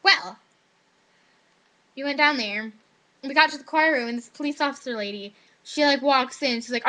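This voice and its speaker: A woman's voice: high voice, normal speed, pauses often. A teenage girl telling a casual story about her school day to her webcam, full of "like" and acted-out quotes of other people. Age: teens. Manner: chatty, lots of "like", quoting others in animated voices. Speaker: high school student. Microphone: webcam microphone.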